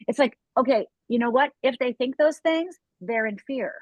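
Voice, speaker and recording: Woman, coach, emphatic, plays out inner voices, high-ish voice, dry sound. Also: lively intonation, normal speed, no room sound. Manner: emphatic, acts out inner voices, tags "right?". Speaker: fear coach guest. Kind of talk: interview conversation. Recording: dull lo-fi call audio.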